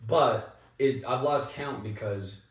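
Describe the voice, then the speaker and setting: Slow and mid-range in voice, a young actor guest shares animated, easygoing anecdotes in an interview, impersonating the people he describes with quoted asides. The mic is distant and a bit off him, and the room is echoey.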